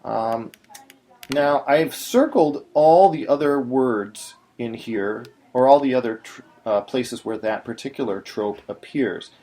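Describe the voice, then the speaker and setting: A man's voice: medium pitch, slow pace, dark tone. A man teaching in a patient, explanatory way, now and then breaking into short sung syllables. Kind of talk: screen-recorded tutorial.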